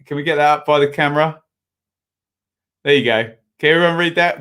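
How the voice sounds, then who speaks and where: Young male streamer, bright tone, casual rambling match commentary with self-mocking asides. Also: on the high side, fairly quick. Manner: chatty, rambling, self-deprecating. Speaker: watch-along host.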